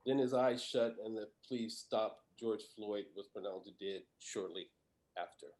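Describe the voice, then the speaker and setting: A man poet introducing his own work in a measured, earnest way with occasional fillers. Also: lowish voice, darkish tone. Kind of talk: introducing and reading his poetry.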